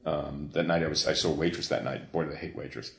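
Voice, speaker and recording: Deep-voiced man telling a story. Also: quick pace, vocal fry. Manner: profane, animated storytelling with restarts. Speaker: guest, comics creator. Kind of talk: storytelling in a podcast interview. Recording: echoey room.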